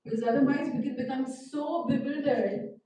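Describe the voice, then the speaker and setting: A woman teaches a scripture class, telling a story at an unhurried pace and checking in with her listeners with questions. Her voice sits fairly high. It is heard from some distance in a very echoey hall, with faint room noise behind. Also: mellow. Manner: storytelling, asks the audience questions. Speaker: class speaker. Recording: echoey hall, mic far off.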